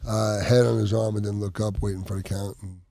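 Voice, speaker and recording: A man, a former boxer, telling rambling, halting stories as a podcast host. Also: on the low side, flat delivery, vocal fry, warm tone, no echo. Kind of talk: casual storytelling chat. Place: studio with others at a table.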